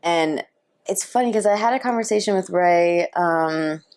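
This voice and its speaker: A woman in her thirties, from New York, talks through her stories in a loose, chatty interview. Her voice sits a little low, and she fills her sentences with "like" as she keeps the story moving. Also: moderate pace. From Queens, New York. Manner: chatty, animated storyteller with frequent "like". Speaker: interview guest, wrestler. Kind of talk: casual interview chat.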